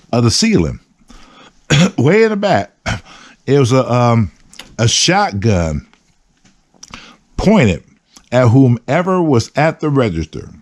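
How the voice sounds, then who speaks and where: A man's voice: medium pitch, dry recording. A man hosts his show, telling a story in a loose, profane, slang-heavy way. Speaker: host. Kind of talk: storytelling monologue.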